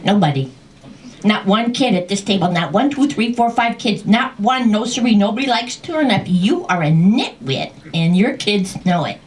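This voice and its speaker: A brash, bossy older woman, put on by a woman storyteller, tears into the grown-ups at the table with loud, scolding rants. Her voice jumps high and swings all over the place. The sound is picked up from a distance with a faint hum of the room. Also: big pitch swings, slow pace, heavily acted.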